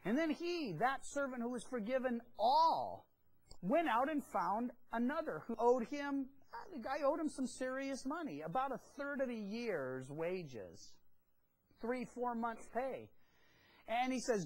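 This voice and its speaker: Lively woman preaching a conversational sermon. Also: a little high, unhurried, poor audio. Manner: lively storytelling, acting out the dialogue of biblical figures; conversational and humorous, with asides to the congregation. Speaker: Bible teacher.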